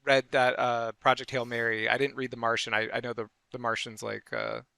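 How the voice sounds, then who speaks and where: Gravelly, bright-voiced man, dry sound. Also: medium pitch, level tone, a little fast, no room sound. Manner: brief agreeing replies. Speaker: podcast co-host. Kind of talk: casual book review chat.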